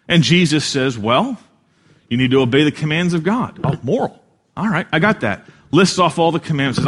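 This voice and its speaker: A man preaching a sermon in an earnest way, swelling louder for emphasis and dropping soft at key lines. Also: a little high, fairly quick. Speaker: pastor.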